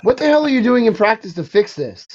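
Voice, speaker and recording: A man's voice: high-pitched, very animated, fast talker, a little hiss or hum. Insistent male podcast host, lo-fi sound. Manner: insistent, repeats his questions, frustrated fan. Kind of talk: casual sports chat.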